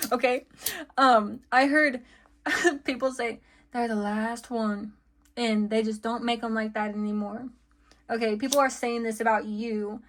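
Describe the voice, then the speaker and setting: A woman's voice: a little high, fairly bright tone. A woman giving a casual tarot reading, chatty and giggly, full of fillers and friendly asides. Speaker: tarot card reader.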